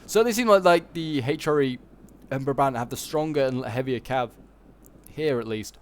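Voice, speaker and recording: Speaking at an ordinary speed with a faint hiss or hum in the recording, a man with a mid-range voice and Yorkshire accent hosts a game channel. His commentary meanders, stuffed with "um" and "like," and he keeps correcting himself.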